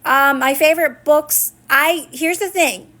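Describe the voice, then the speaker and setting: A woman's voice: high-pitched, unhurried, pushed and bright. A woman coaching her viewers during a live stream, earnest and encouraging, often checking in with "right?" and "guess what?". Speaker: manifestation coach. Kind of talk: live-stream talk answering viewers' comments.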